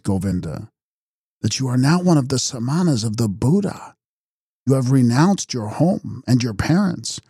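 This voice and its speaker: A man voicing a calm, wise young seeker who speaks quietly and kindly, without mockery. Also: on the low side, husky, no echo, studio quality.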